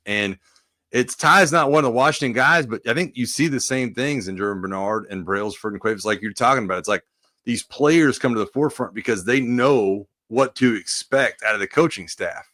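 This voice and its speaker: A man's voice: medium pitch, fairly quick, sharp tone, dry recording, studio quality. A man co-hosting a casual sports podcast, a former player rambling with plenty of fillers.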